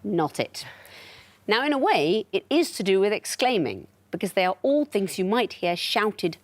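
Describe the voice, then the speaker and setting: A woman's voice: mid-range voice, big pitch swings, moderate pace, no echo. Dry, witty woman quiz host. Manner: dry, witty, lightly teasing. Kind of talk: hosting a TV quiz. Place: TV studio.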